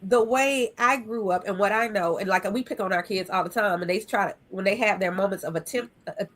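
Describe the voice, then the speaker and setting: A woman guest on an interview, a nonprofit founder, talking in an emphatic, animated way with punchy repeated phrases. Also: medium pitch, a little fast.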